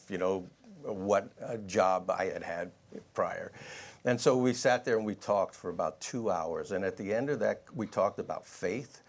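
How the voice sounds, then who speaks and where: Very deep-voiced man, hesitant debater. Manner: hesitant, many fillers. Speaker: sheriff candidate. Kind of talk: debate answer, telling a story.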